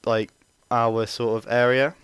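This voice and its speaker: A young man tells a story in a loose, chatty way, full of fillers and the odd swear word. His voice is smooth and very clear. The recording is dry, with no room sound. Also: mid-range voice, little pitch movement, a little slow, no echo. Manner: rambling, chatty, swears freely, many fillers. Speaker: vlogger. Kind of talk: casual storytelling.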